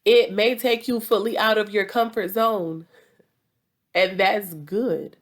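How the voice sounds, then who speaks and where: A woman's voice: mid-range voice, moderate pace. A woman with a Southern US accent hosting a relationship advice talk, speaking directly and repeating points for emphasis. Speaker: relationship advice podcast host.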